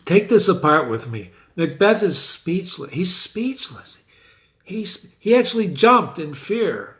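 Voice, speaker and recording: A man's voice: sits high, very animated, takes it slowly, a bit bright. A man teaching a play, who keeps turning to the listener with questions and rephrases quotes in plain words. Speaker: literature teacher. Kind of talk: lecture on a play.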